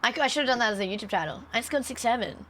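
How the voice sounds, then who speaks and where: A woman chatting on a live stream, telling animated stories with a lot of swearing and laughter. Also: on the high side, very fast. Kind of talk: casual stream chat and storytelling.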